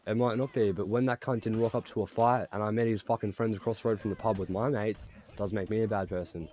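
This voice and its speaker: A man's voice: fairly low pitch, steady tone, fast, darkish tone. A young man with an Australian accent, ranting profanely and rambling while he plays a game. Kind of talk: casual rant while gaming.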